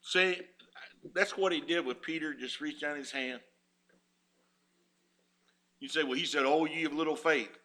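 A man's voice: on the high side, normal speed, pauses often, a bit bright. A man preaching a sermon as pastor, folksy and rising in fervor.

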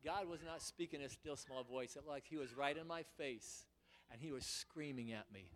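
A man's voice: mid-range voice, moderate pace. A man preaching a fervent sermon in church, often repeating and restarting his words as he presses his point. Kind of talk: impassioned sermon.

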